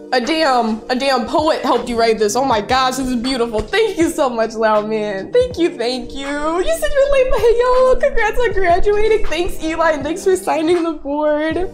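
A young woman in her twenties with a high, bright-toned voice, hosting a casual livestream. She talks in an effusive, excitable way and laughs often as she reads messages aloud. Soft music plays faintly underneath. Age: 20s. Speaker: streamer.

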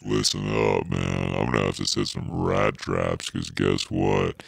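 A man putting on a gruff, swaggering character with a gravelly voice and a slow, growled delivery. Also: very deep voice, little pitch movement, full character voice.

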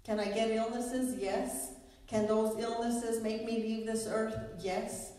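A woman pastor preaches earnestly in a church sanctuary, her fairly high, mellow voice holding an even, flat line. She sounds far from the mic, with a long echoing reverb from the hall around her. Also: slow pace. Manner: earnest preaching, quoting scripture and telling a story. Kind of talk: sermon. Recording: echoey hall, voice from a distance.

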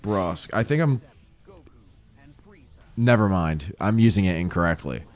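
Lively low-voiced young man, crude slang. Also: a little slow, faint music behind. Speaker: podcast co-host. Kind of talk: casual chat.

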